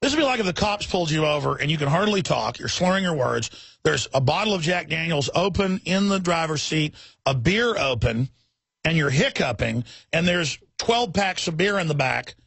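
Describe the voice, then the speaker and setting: A man hosts a talk radio show in a high, gravelly voice that has a husky edge. He rants fiercely and mockingly, jumping from one point to the next. The sound is dry and close. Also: expressive, fairly bright tone, no room sound. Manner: fiery, mocking, rapid tangents.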